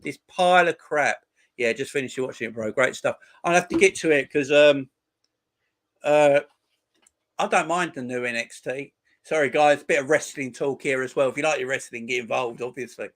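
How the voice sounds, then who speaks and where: A man's voice: medium pitch, normal speed, a bit bright. A man in his forties hosting a football channel, chatting casually with viewers on a live stream in crude, mocking banter. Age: 40s.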